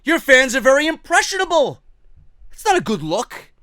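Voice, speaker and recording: Brief: fired-up male ranter, bright high voice, dry close sound. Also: huge pitch swings, moderate pace, dry recording. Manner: heated, profane, repetitive ranting; mocking quoted voices. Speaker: wrestling commentary host. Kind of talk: ranting opinion show.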